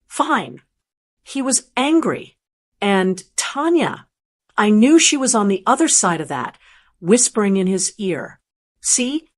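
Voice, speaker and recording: A woman reads a first-person story aloud at an even, steady pace. Her voice sits in a middle pitch, and she keeps the telling plain and measured. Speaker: story narrator.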